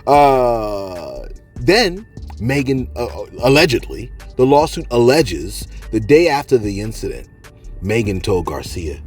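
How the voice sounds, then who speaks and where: Guy doing celeb gossip, super animated, voice jumps all over, jokes around, faint music behind. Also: medium pitch, takes it slowly. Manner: animated, jokey, talks straight to viewers, acts out quotes. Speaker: celebrity gossip show host. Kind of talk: joking commentary on celebrity news.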